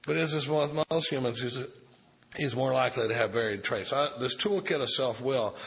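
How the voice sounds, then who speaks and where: A man's voice: medium pitch, moderate pace, a bit bright. Folksy man explaining a recovery text. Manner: folksy, profane, reads a passage then riffs on it. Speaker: recovery group speaker. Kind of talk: informal talk on a recovery text.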